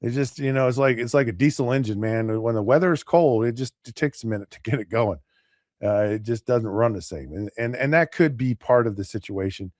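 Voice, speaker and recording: A man co-hosting a casual sports talk show, rambling with many restarts and acting out players and pundits in quick asides. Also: mid-range voice, darkish tone, no echo, clean studio sound. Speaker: podcast co-host.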